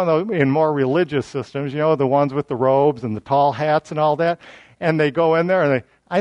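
A man's voice: a little high, a little mellow, no room sound. A man teaching a verse-by-verse sermon in a conversational, self-deprecating way, often restarting his sentences as he explains scripture. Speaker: Bible teacher.

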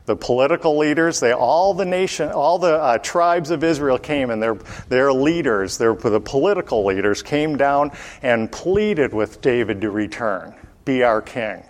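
A man's voice: medium pitch, expressive, moderate pace. A man teaching the Bible verse by verse. He keeps asking the listeners questions and answering them himself, and his voice rises when he reads scripture aloud.

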